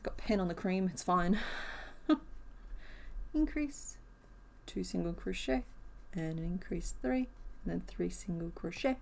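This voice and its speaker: A woman's voice: on the low side, expressive, slow, creaky, long pauses. Chatty woman crocheting on a live stream. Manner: chatty, thinks aloud, laughs often. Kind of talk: casual live-stream chat while crocheting.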